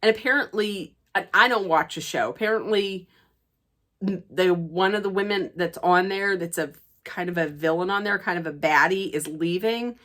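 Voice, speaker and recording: Her voice is fairly low and a bit bright, moving at normal speed. Recapping a reality show in casual chat, she dishes it out like gossip and performs the quotes herself.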